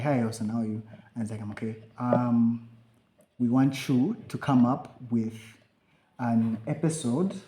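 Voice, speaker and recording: A young man co-hosting a podcast, telling a story in casual chat and acting out the lines of himself and others. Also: medium pitch. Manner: animated, acts out quotes of himself and others. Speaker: podcast co-host. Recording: echoey room.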